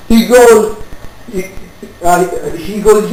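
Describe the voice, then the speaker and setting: A man's voice: high-pitched, steady tone, unhurried, darkish tone. A man casually telling an anecdote to friends, swearing and acting out both sides of an argument. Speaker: storyteller among friends. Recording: very echoey room with faint ambient noise.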